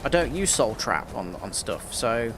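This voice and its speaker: A man's voice: medium pitch, big pitch swings, a little slow, background noise. A man streaming a game, chatting casually and rambling with lots of filler words. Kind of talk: casual live gameplay chat.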